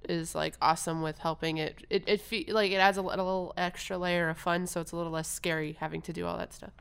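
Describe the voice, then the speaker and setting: Casting: female podcast co-host, bubbly, teasing, fast talker. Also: lowish voice, flat delivery, vocal fry, fairly bright tone, clear, resonant tone. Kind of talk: casual chat. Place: room above a comic shop.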